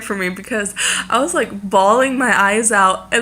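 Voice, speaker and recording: Young woman vlogger, bright voice, chatty and rambling, pregnant. Casual talk to camera. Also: on the high side, normal speed.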